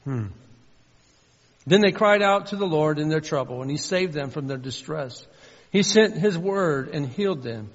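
Male preacher, somewhat high voice, earnest sermon delivery, muffled recording with long hall reverb. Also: animated, moderate pace. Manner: earnest, swings between loud emphasis and soft low asides.

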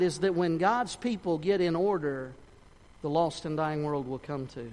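Man preaching, kinda high voice, big church reverb, gets loud then goes soft. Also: normal speed. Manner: impassioned, rising to near-shouting peaks then dropping soft. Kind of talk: sermon with altar call and prayer. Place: church sanctuary.

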